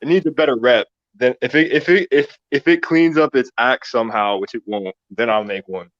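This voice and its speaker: A man's voice: mid-range voice, moderate pace, no echo. Playful man on dull, dry call audio. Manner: playful, laughs between remarks. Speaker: returning podcast guest. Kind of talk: casual call-in chat.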